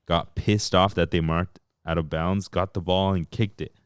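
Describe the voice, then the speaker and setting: A man talks soccer on a podcast in a deep, smooth voice that sits low in his range. He is animated, swears casually, and sounds close and dry. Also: moderate pace, no room sound. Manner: animated, swears, mimics players in a high voice. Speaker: podcast co-host.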